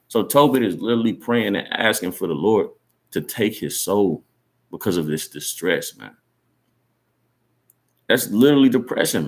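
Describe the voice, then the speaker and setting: Low-voiced guy preaching casual, earnest and encouraging, keeps saying man and right. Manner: conversational, repeats "man" and "right?" as tags. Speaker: Bible teacher. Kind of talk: informal sermon teaching.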